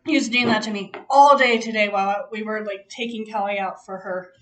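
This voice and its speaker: A woman's voice: medium pitch, steady tone, brisk, fairly bright tone. A woman hosting a casual chat, telling a story with frequent laughter and free swearing. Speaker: host.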